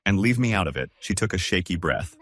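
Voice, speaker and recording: A man's voice: low-pitched, quick pace, dry recording. A man narrating first-person relationship stories in a scripted reading style. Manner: steady storytelling, lines read one after another.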